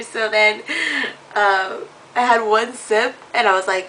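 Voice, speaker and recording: A woman's voice: medium pitch, normal speed, far from the mic, noisy background. A woman in her twenties telling a story in a casual vlog, giggling often and acting out what people said. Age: 20s. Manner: giggly, animated, acts out quotes. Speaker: vlogger.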